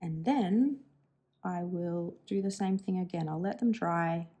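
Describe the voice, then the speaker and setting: A woman's voice: fairly low pitch, unhurried, mellow. A woman in her thirties chatting casually and thinking aloud while swatching inks for her channel, musing and self-deprecating. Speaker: stationery vlogger.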